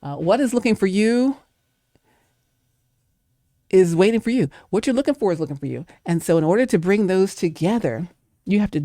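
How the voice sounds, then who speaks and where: Emphatic woman with a mellow voice. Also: lowish voice, no echo, studio quality. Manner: emphatic, preacher-like, acts out doubting inner voices. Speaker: guest speaker. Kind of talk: motivational faith talk.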